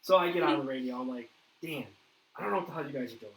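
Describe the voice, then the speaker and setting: A man hosting a paranormal interview, telling a ghost story in a lively way and acting out what others said. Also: medium pitch, fast talker. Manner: animated storyteller, acts out quoted dialogue. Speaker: paranormal investigator host. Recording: echoey room with faint noise.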